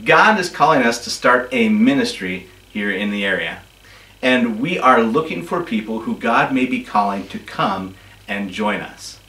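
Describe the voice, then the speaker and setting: A man's voice: mid-range voice, expressive, measured pace, pushed and bright. A man recording a casual video announcement with his wife, teasing her and laughing easily. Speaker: ministry co-founder. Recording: echoey room, mic at a distance.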